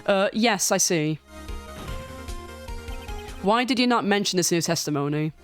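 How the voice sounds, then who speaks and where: A woman voicing a prim, fawning male hotel bellboy who speaks formally and drops to a lower pitch on each "sir", read aloud over a game. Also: expressive, unhurried, soft background music, lightly acted. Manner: formal and deferential, ends lines with a low "sir".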